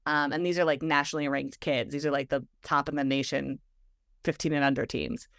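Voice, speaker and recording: A woman guest telling a story in conversation, animated and full of filler words. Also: sits low, brisk, dry recording, studio quality. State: emotional, near tears. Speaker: guest, stress physiologist and speaker.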